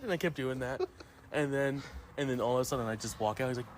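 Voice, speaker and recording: A man telling a prank story on a casual podcast, often jumping into high squeaky voices when he quotes people. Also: a little fast, a little hiss or hum. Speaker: podcast co-host.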